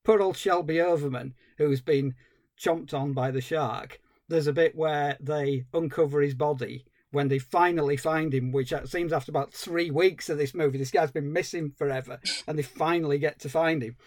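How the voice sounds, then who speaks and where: A man co-hosting a podcast, giving an animated, exasperated film review with dry humour. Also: fairly high pitch, normal speed, no room sound. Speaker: podcast co-host. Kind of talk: casual film review chat.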